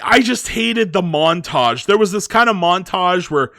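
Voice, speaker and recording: A man's voice: high voice, animated, a little slow, a bit bright, no room sound, clean studio sound. A man giving a casual movie review, rambling with lots of filler words.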